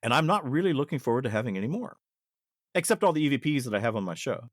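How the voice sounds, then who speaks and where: A man sharing personal stories as a podcast guest, with a lively, swinging pitch. He talks casually and reflectively and often restarts his sentences. The recording is dry and close. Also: fast talker, no room sound. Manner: animated, reflective, with frequent restarts. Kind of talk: casual storytelling.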